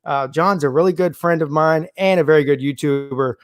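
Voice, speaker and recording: A man co-hosting a casual sports talk show, animated and emphatic, often restarting his sentences. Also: a little high, brisk, no room sound. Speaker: show co-host.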